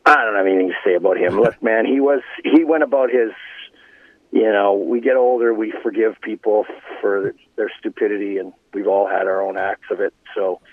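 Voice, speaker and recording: A middle-aged man, a former hockey player, telling animated anecdotes in casual conversation. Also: fairly low pitch, a little fast, dry recording. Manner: animated anecdotes, laughing, restarts. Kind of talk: casual storytelling. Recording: phone line.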